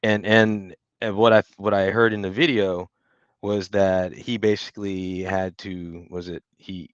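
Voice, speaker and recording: A man's voice: deep voice, flat delivery, a little slow, clear, resonant tone, no room sound. A man co-hosting a comics podcast in casual chat, who tells his points in a thoughtful, hedging way. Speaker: podcast co-host. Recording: dry, dull lo-fi mic.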